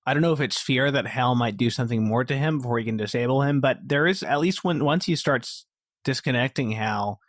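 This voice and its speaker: A man's voice: medium pitch, a little fast, no echo. A man with a medium voice hosts a casual podcast chat about film. He muses hesitantly, with plenty of fillers. The sound is close and dry. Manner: thoughtful, hesitant, many fillers. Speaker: podcast host.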